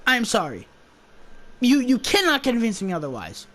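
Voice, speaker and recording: A woman's voice: a little high, huge pitch swings, moderate pace, a bit bright. A woman giving a casual movie review, rambling and swearing in an exasperated rant. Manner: rambling, profane, exasperated ranting.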